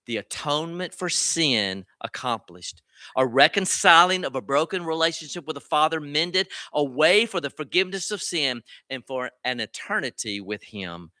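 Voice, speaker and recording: A man's fairly high, bright and forceful voice carries an earnest sermon, dry and close with no room around it. He preaches as a pastor and keeps checking in with his listeners through rhetorical questions. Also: animated, normal speed, no echo.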